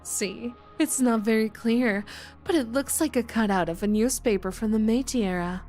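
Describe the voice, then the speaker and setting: A woman voicing a composed adult female researcher in a visual novel readalong, speaking in a measured, lecturing way. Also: fairly high pitch, darkish tone, faint music behind, lightly acted. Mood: calm.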